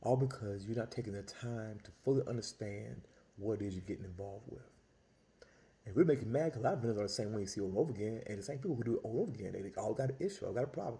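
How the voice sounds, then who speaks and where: A man's voice: lowish voice, very fast, vocal fry. A man who sells Italian ice tells a story as a casual, exasperated rant, full of restarts and repeated words. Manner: animated, exasperated, lots of restarts and repetition.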